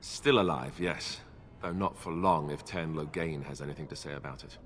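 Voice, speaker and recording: A man's voice: very deep voice, moderate pace, a bit bright. An actor voicing a young male warrior companion in a video game, plain-spoken and dry. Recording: long reverb, faint music behind.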